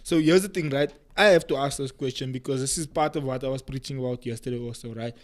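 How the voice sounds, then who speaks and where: A man hosting a casual podcast chat, animated, laughing often and repeating phrases for emphasis. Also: mid-range voice, fast talker. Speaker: podcast host.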